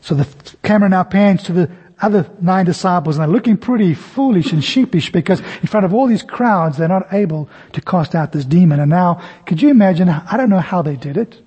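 A man preaches a sermon, telling the scene as a story and acting out its voices with varied pitch. His voice is expressive, brisk, husky and dark in tone. The recording has a long hall reverb.

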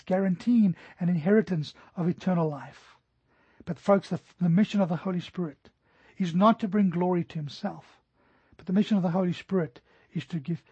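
A middle-aged man preaching a sermon earnestly, slowing down to stress scripture. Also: sits high, darkish tone, slightly rough, dry recording. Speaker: pastor. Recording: dry, dull lo-fi recording.

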